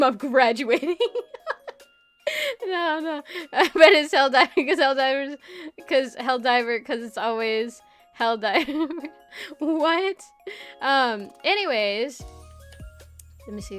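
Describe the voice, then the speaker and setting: A woman's voice: high-pitched, animated, normal speed, a bit bright, faint music behind. A young adult woman streaming live and chatting casually with her viewers. She is giggly and swears freely. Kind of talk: casual livestream chat.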